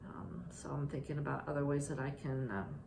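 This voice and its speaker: A woman chatting casually about her stitching projects, halting and restarting often with ums. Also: extremely low pitch, gravelly. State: out of breath. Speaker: stitching vlogger. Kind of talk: casual show-and-tell chat. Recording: echoey room, faint ambient noise.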